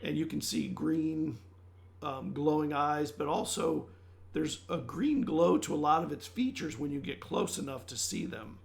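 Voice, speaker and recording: A man's voice: a little high, expressive, a little slow. A man narrating a tabletop game as game master, with loose, searching description and many restarts. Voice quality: gravelly. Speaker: dungeon master.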